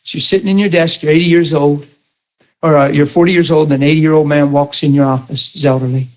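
A man's voice: a little high, fast, rough recording. A man preaching a sermon, telling stories with acted-out quotes and laughing along with his audience. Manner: animated storytelling with acted quotes.

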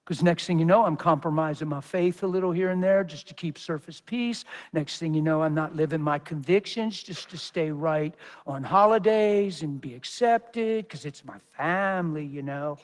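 High-voiced man preaching with intensity. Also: normal speed, hardly any pauses. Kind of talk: sermon.

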